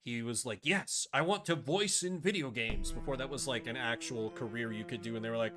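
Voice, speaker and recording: A man's voice: mid-range voice, lively intonation, a little fast, hardly any pauses. Chatty man streaming a game. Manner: chatty, rambling, self-deprecating. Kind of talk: casual live-stream commentary. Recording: game music behind.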